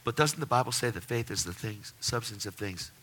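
A man giving an animated personal faith testimony, telling his story with excitement. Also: medium pitch, a little fast, slight background noise. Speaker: testimony speaker.

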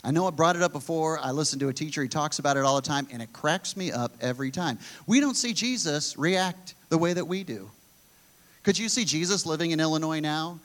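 A man's voice: on the high side, a little fast, a bit bright. A man preaching a conversational sermon in an earnest way, often restarting his sentences as he thinks aloud.

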